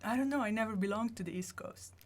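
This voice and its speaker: A woman from Lebanon, a language instructor, telling her story in a studio interview in a lively way and quoting her own thoughts. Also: mid-range voice, quick pace. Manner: lively storytelling, quotes herself. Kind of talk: casual interview talk.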